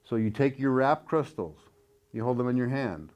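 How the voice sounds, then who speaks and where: A man giving a casual how-to explanation in an earnest, hesitant way, with many fillers and restarts and softly chanted syllables. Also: medium pitch, animated, normal speed, muffled recording. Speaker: instructor demonstrating a build.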